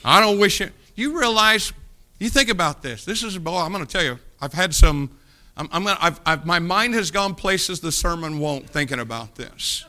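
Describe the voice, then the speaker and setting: A man pastor preaching a sermon, animated, with sudden loud rises and soft drops, acting out voices in his stories. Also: high-pitched, normal speed.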